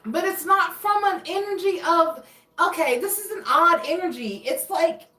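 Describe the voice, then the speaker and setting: A woman's voice: very high-pitched, moderate pace, pushed and bright. A woman giving a casual tarot reading, rambling and restarting as she searches for words. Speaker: tarot reader. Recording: echoey room, voice a bit far from mic.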